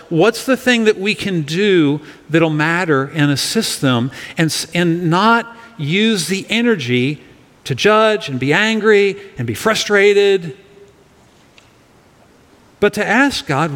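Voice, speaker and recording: Man preaching a sermon, earnest, slightly high voice, long echo in the church. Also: a bit bright. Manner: earnest, leads congregation in reading aloud. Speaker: pastor. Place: church sanctuary.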